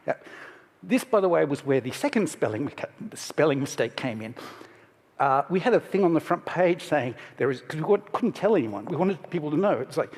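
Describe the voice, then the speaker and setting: A middle-aged man gives a conference talk in a relaxed, candid manner, often cutting himself off mid-sentence. His voice sits a little high and comes through slightly husky. The stage mic carries a long hall reverb around him. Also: brisk. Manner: casual and candid, self-interrupting, emotional at moments. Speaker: conference speaker.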